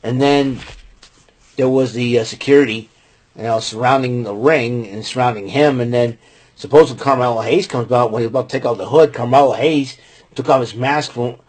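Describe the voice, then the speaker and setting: Husky man rambling through a wrestling recap. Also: medium pitch, a little fast, darkish tone. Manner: rambling, many fillers and restarts. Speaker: podcast host recapping wrestling. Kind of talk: casual spoken recap.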